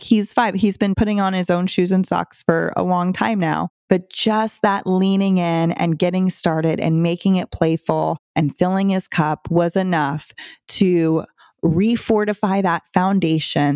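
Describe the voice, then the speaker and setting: Low-voiced woman hosting a parenting podcast. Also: darkish tone, no room sound, clean studio sound. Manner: conversational, chuckles between stories. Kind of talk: casual advice talk.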